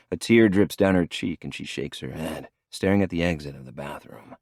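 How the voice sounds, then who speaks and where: Deep-voiced male audiobook narrator. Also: normal speed, few pauses, darkish tone, no echo, studio quality. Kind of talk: first-person romance narration.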